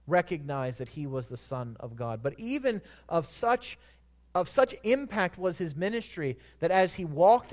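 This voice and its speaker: A man preaching a sermon in a church, earnest, swelling louder on scripture and dropping soft at the ends of phrases. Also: sits high. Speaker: pastor.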